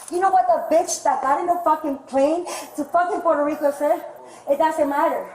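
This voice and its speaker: A distressed woman in her thirties, shouting and cursing in a heated argument, picked up by a police body camera in an indoor office. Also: high voice, fairly even intonation, brisk, slight background noise. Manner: shouting, profane, agitated. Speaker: detained airline passenger. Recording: echoey bodycam audio.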